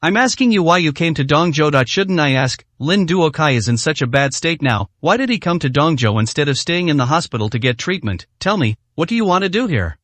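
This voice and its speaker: A man's voice: fairly high pitch, expressive, fairly quick, few pauses, a bit bright, no echo. A man voicing a cold, bitter young businesswoman. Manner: curt, bitter retorts. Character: young woman, cold and resentful successful daughter.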